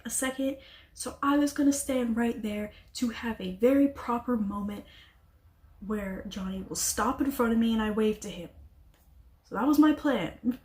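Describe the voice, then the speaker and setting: A young woman in her twenties telling a casual story-time vlog, chatty and animated, often laughing and slipping into mock-exasperated asides. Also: on the high side, roomy sound. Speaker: vlogger.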